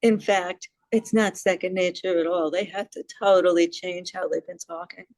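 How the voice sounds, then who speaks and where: A woman's voice: on the low side, fairly even intonation, normal speed, a little mellow, no echo, rough recording. A middle-aged woman from New York City gives a casual presentation to a group, asks the audience questions and laughs at herself. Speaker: presenter on hearing loss advocacy.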